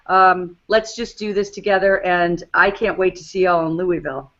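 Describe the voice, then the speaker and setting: A woman's voice: on the low side, steady tone, normal speed, a bit bright, dull audio. A woman with a New England accent hosting a team call, upbeat and encouraging. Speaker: host.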